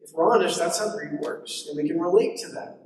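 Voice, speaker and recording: Male preacher, conversational sermon, chatty asides, somewhat high voice, echoey church hall, mic at a distance. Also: brisk.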